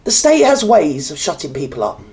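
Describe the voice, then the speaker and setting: A woman's voice: low voice, very animated, brisk, a little mellow. A British woman hosting a reaction video, ranting with sarcasm and indignation and mocking others in put-on voices. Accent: British English. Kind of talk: ranting commentary. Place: indoors, standing.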